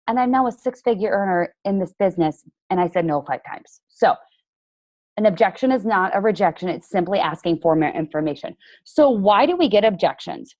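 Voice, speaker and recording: A woman coach leads a motivational team training call in a mid-pitched voice. She is chatty and emphatic, leans on "like" as a filler, and has a sarcastic edge. The sound is dry, with no room echo. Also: a little mellow.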